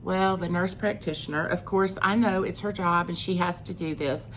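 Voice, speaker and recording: A woman's voice: fairly low pitch, steady tone, normal speed, a little hiss or hum. A middle-aged woman, telling a personal story in a chatty vlog, acting out what people said. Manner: chatty, acts out quoted lines with rising emphasis. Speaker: vlogger.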